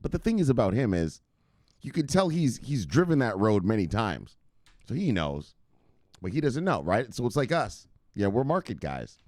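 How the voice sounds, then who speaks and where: A man with a low voice that swings up and down a lot talks through crypto market news in a casual, hyped way. He swears freely and jokes with his viewers. The sound is dry and close. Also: big pitch swings, moderate pace, a little mellow, no echo. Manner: hyped, profane, joking, talks straight to viewers. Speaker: crypto news show host.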